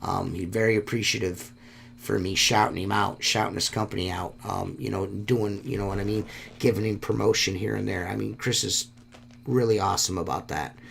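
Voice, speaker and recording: A man's voice: on the low side, steady tone, fairly quick, gravelly, a bit bright, a little hiss or hum. A man hosting a solo podcast, talking in a rambling, heartfelt way and swearing often. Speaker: podcast host.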